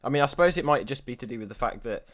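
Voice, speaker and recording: A man's voice: mid-range voice, lively intonation, racing. A British man as a guest on a casual podcast, self-deprecating and rambling. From Britain.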